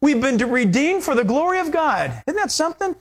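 Brief: male pastor, sermon delivery, lively and animated, acts out dialogue. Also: very high-pitched, brisk. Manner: animated, acts out quoted voices with laughter.

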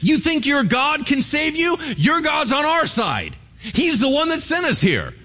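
A man voicing a bullying enemy army commander who shouts boastful threats. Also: very high-pitched, huge pitch swings, a little slow, pitched above the performer's own voice, exaggerated voice. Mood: taunting. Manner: loud, mocking, boastful.

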